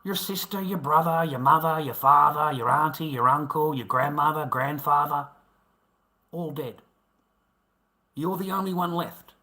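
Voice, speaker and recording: A combative Australian man rants on a livestream, swearing and sneering at his audience. His voice sits a little high for a man and rings around an echoey room. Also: a bit bright. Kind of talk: angry livestream rant.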